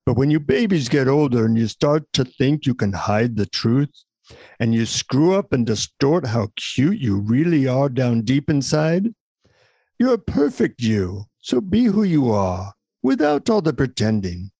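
A man reading the part of a blunt, all-knowing male God who scolds and teases in a plain, even voice. The sound is dry and close, with no room around it. It is a comedy skit read over a video call. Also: medium pitch, unhurried, husky, no echo, heavily acted. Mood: scolding. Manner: blunt, teasing, lecturing.

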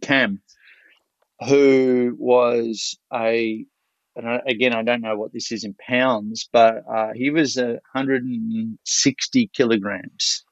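Speaking slowly in a mid-range voice, an Australian man at a seminar shares casual stories full of energy, frequent profanity, and constant restarts. The audio sounds dry, dull, and lo-fi.

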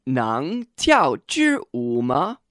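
Curious male co-host with lively pitch. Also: extremely slow, no echo, clean studio sound, faint music behind. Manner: repeats phrases after the teacher, playfully curious. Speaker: co-host and learner. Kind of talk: scripted radio lesson.

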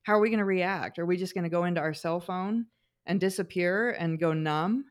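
A middle-aged woman, a guest on a talk show, telling personal anecdotes in an expressive, animated way. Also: on the low side, fairly quick. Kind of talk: conversational storytelling.

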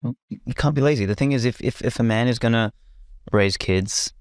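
A man's voice: medium pitch, fairly quick, smooth, no echo, clean studio sound. A man talking as a podcast guest in a loose, rambling way, with many restarts and casual swearing.

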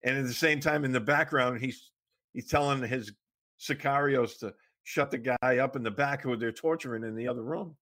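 A man hosting an interview, asking questions in a halting way with many fillers. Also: mid-range voice, a bit bright. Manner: halting, lots of fillers and restarts. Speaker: interview host.

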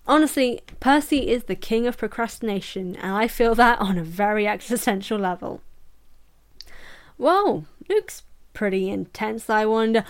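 Chatty young woman podcaster, bright pitch. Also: lively intonation, moderate pace, clear, resonant tone. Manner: chatty, laughs often, jokey asides. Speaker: podcast host. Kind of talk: casual book review podcast.

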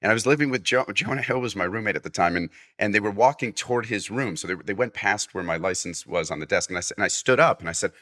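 Man with a low, bright voice telling a story. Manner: animated anecdote, acting out quoted voices; halting, with many restarts. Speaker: podcast guest. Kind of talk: casual storytelling.

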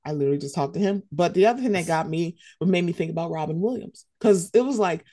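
A woman co-hosting a podcast in casual chat, animated and quick to act out quoted voices. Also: fairly low pitch. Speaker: podcast co-host.

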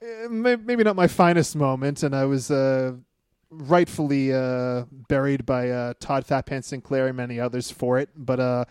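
A man's voice: mid-range voice, normal speed, darkish tone, clean tone, no room sound, clean studio sound. A man recounting his wrestling debut in casual conversation, hesitant with many fillers. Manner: hesitant, many ums and uhs. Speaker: guest, wrestler. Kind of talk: casual chat.

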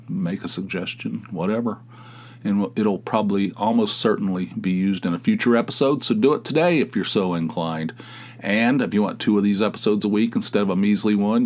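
A man's voice: fairly low pitch, moderate pace, darkish tone. A man from the United States hosting his own podcast, talking in a rambling, meandering, self-deprecating way. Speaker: podcast host. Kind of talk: casual solo podcast monologue.

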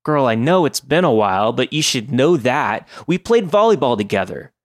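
A man's voice: mid-range voice, big pitch swings, dry recording, clean studio sound, close to an everyday voice. A man voicing a chirpy, pushy young woman caller who gushes and fires off prying questions. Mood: insistent. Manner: gushing, rapid-fire prying questions.

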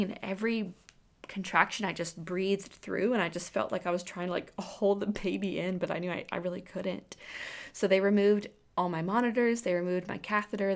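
A woman in her thirties telling the story of giving birth in a casual, chatty way, full of "like" and "um". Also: medium pitch. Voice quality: creaky fry, filler-heavy with "like" and "um". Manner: animated retelling, acting out quoted lines.

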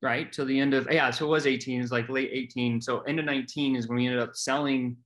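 Man, podcast guest, candid storytelling, earnest, repeats and restarts words, middle pitch. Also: fairly even intonation, fast, fairly bright tone.

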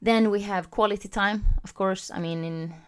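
A woman's voice: mid-range voice, moderate pace, clean tone. Chatty woman hosting a podcast. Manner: chatty, animated, gives shout-outs to live viewers. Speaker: podcast host. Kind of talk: casual podcast talk. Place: home recording setup, also streaming live.

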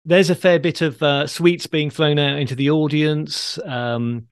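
A man hosting a podcast, calmly explaining in a dry storytelling way and delivering groan-worthy jokes. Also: fairly high pitch, unhurried, clear, resonant tone. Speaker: podcast host. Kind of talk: conversational explaining.

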